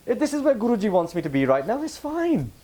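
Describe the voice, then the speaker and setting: A man voicing an elderly, cheerful woman who calmly accepts hardship, in a lilting voice. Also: high voice, fast, voice pushed up. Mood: serene.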